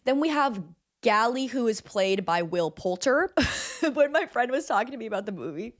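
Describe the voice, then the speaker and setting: A woman's voice: a little high, animated, fairly quick. Chatty, sarcastic young woman. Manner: chatty, sarcastic, swears, laughs often. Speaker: streamer recapping a film. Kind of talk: casual chat.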